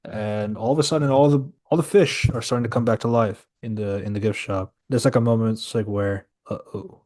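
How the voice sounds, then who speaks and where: Laid-back man recapping a film, low voice. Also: fairly even intonation, fairly quick, darkish tone. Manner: storytelling, laid-back, many filler restarts. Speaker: podcast host reviewing a film. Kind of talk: casual scene-by-scene recap.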